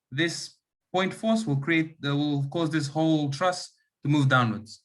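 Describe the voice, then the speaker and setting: A man's voice: fairly high pitch, measured pace, a bit bright. Man leading an online engineering lab. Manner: checks understanding with frequent "okay" and "right". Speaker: lab demonstrator.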